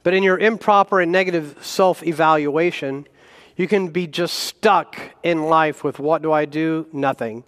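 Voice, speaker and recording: A man preaching a sermon as a guest pastor, animated and self-deprecating, with chuckles between points. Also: fairly high pitch, normal speed, long reverb tail. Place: church sanctuary.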